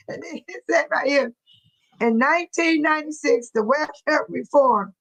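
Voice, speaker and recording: High-voiced woman hosting a livestream. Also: sharp tone, rough recording. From Texas. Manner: laughs often, talks straight to viewers. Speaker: livestream host. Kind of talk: casual livestream commentary.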